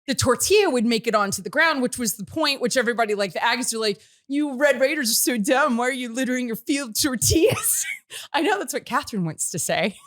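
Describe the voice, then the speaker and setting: Female host, high and very animated, lively storyteller, laughs a lot. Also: a little fast. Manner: lively, laughing, shouts quoted lines. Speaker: show host. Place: radio studio.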